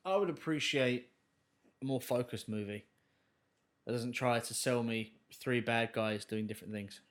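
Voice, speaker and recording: A man's voice: mid-range voice, moderate pace. A man co-hosting a movie review podcast, rambling and stumbling over his words in casual chat. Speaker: podcast co-host.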